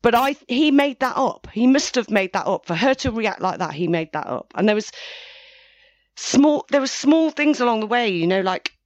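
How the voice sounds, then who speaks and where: A woman's voice: a little high, animated, moderate pace, no room sound, lo-fi sound. A woman, telling a personal story in a rambling way, with frequent restarts and self-corrections. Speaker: interviewee. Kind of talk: personal account, casual.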